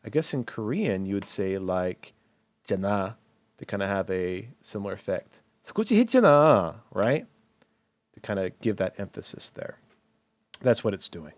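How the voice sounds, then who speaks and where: A man's voice: sits low, moderate pace, long pauses, dry recording, lo-fi sound. A man teaching English grammar in a recorded online lecture, chatty and thinking aloud, often checking in with "right?" and correcting himself as he goes.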